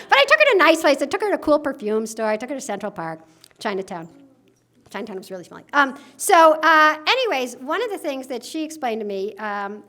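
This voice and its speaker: A middle-aged woman speaks to a conference hall in a high, bright voice. Her delivery is animated and sarcastic, and she laughs at her own jokes. The sound is a mic feed from the stage. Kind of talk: conference talk.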